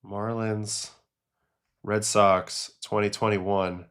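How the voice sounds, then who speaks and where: A man with a somewhat low voice hosts a relaxed livestream. He chats loosely as he reacts to game clips and reads chat questions, mixing stories with quick takes. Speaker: host, former pitcher. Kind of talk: casual livestream commentary.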